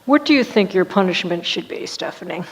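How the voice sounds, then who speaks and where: A woman voicing a fair-minded father who speaks in a calm, dry manner. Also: fairly low pitch, a little fast, poor audio.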